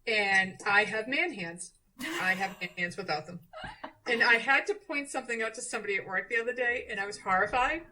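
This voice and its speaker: A woman's voice: medium pitch, expressive, brisk, sharp tone, slight background noise, rough recording. A middle-aged woman, co-hosting a casual chat, chatty and self-deprecating, laughing at herself. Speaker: podcast co-host, nurse.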